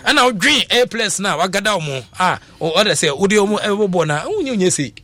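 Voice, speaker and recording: Fast-talking Ghanaian male radio host. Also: high-pitched, no echo. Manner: animated, rapid code-switching with many fillers. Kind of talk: call-in radio talk.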